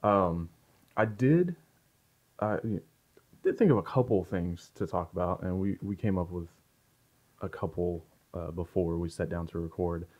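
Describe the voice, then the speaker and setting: Laughing podcast host. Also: male voice, low voice, unhurried. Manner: jokey, laughing often, animated. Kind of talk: casual podcast chat. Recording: dull lo-fi podcast audio.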